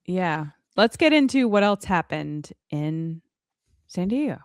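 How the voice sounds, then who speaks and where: Woman podcast host, chatty and leading, lowish voice, dry close sound. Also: sing-song, slow pace, no echo. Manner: chatty, leads the discussion with asides. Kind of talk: casual podcast chat.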